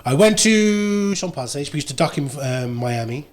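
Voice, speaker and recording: An English man, a radio presenter, chatting casually as a podcast guest, telling stories in a relaxed way and acting out the people he quotes. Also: on the high side, moderate pace, a crowd in the background. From England. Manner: relaxed storytelling, animated when quoting others. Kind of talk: casual conversation.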